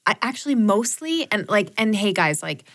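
A woman's voice: medium pitch, normal speed. Chatty woman podcast co-host. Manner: chatty, many fillers, lively. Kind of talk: casual chat.

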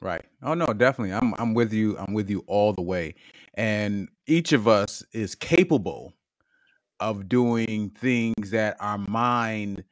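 A man hosting a podcast, talking casually and announcing the episode topic with animated, drawn-out hype. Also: lowish voice, no room sound, studio quality. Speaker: podcast host.

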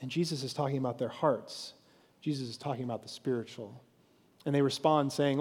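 A pastor preaching a sermon, telling the story with animated crowd voices. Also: male voice, medium pitch, brisk, husky, big-room sound.

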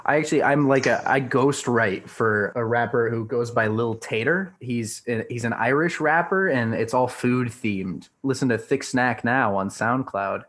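Young man, medium pitch, casual podcast chat, playful, self-mocking. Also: moderate pace, hardly any pauses, a bit bright.

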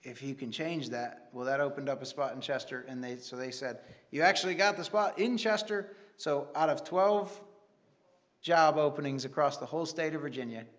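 A man's voice: medium pitch, fairly even intonation, moderate pace, lo-fi sound. A man giving an earnest, rambling church testimony with many restarts. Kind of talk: sermon testimony.

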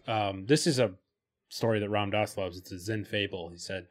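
Low-voiced male podcast host, chatty. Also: normal speed. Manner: talkative, many fillers and restarts, reads passages aloud. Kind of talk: casual chat about spirituality.

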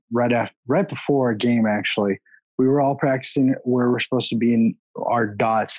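Husky, laid-back man on a podcast. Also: mid-range voice, a little mellow, no room sound. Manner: laid-back, swears, laughs easily. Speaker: podcast host. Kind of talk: casual chat.

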